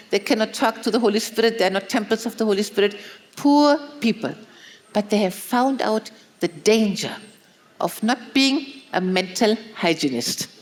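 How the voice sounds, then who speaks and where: A middle-aged woman preaching a sermon in a conversational, storytelling way, often tagging sentences with "no?". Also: medium pitch. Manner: conversational, tag questions "no?".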